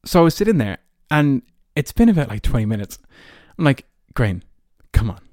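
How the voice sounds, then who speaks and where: Pitched on the high side with a sing-song lilt, this young man's slightly mellow voice runs a little fast in a clean, echo-free studio recording. In his early twenties and Irish-accented, he hosts a podcast, rambling through personal stories and filling them with "like" and "you know."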